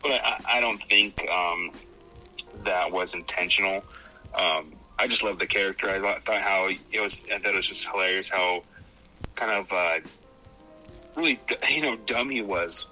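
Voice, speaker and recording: A man co-hosting a podcast, casually discussing a film in a relaxed, rambling way with frequent fillers and restarts. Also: low-pitched, moderate pace, faint music behind, low-quality recording. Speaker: podcast co-host.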